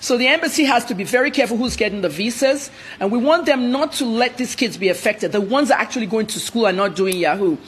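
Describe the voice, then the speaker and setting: A woman journalist from Nigeria, a guest on a TV interview, telling her story in a blunt, rapid-fire way. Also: fairly high pitch, animated, a little hiss or hum. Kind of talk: TV interview commentary.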